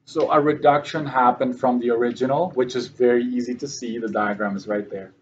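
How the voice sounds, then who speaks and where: A man's voice: medium pitch, steady tone, fairly quick, darkish tone, lo-fi sound, slight background noise. A male math teacher giving a classroom lesson, often checking that his students follow.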